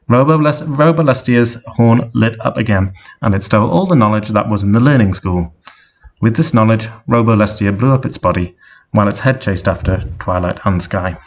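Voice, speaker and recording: A man reading an absurd fan story aloud with deadpan narration. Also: fairly low pitch, moderate pace. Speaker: story reader.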